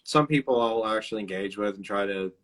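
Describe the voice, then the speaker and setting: A man hosting a casual video-call interview, tired from no sleep, talking in a halting way with lots of stops and restarts. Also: fairly low pitch, fairly bright tone, low-quality recording. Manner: halting, many fillers and restarts. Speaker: host. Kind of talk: casual chat over live video.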